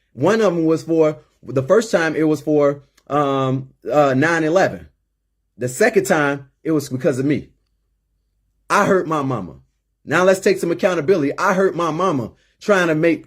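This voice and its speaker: A man's voice: a little high, slightly rough. A middle-aged man hosting a call-in show, talking emphatically and repeating words as he gets worked up. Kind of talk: impassioned monologue.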